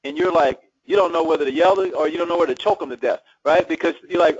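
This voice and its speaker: A man delivers a live real estate seminar, keeping it conversational and throwing questions out to the room. His voice sits a little high for a man and has a husky edge. The recording is dry and dull, with a lo-fi sound. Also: lively intonation, fast talker, few pauses, dry recording. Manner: conversational, asks the audience questions. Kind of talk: live seminar talk to an audience.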